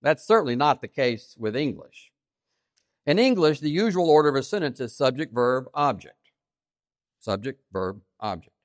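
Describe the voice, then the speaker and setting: A man preaching a sermon, stressing key phrases by repeating them and swinging between loud emphasis and quiet asides. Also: mid-range voice, animated, normal speed, dry recording, clean studio sound. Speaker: pastor.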